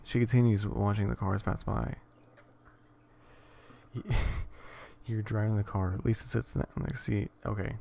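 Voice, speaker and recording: A man reading an interactive horror story aloud in a hushed, would-be ASMR tone, stumbling over words and stopping to joke. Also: on the low side, steady tone, unhurried, gravelly. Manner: rambling, stumbles and self-corrects, jokes between lines. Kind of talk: casual reading with asides.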